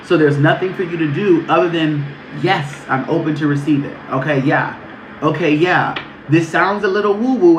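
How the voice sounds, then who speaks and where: A man doing a casual spiritual reading on a livestream, talking in a sassy, profane, animated way. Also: fairly high pitch, slight background noise. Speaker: spiritual reader. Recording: echoey room.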